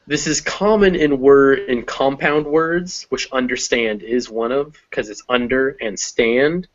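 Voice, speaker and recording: A man teaching English who explains step by step, often pausing to think. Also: medium pitch. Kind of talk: conversational language lesson. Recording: slightly dull recording.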